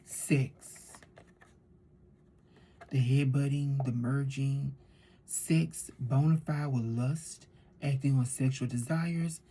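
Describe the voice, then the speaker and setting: Husky mellow-voiced woman reading tarot. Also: extremely low pitch, slow, pauses often. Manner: animated storytelling with repeated phrases. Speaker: tarot reader. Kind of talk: casual tarot reading monologue.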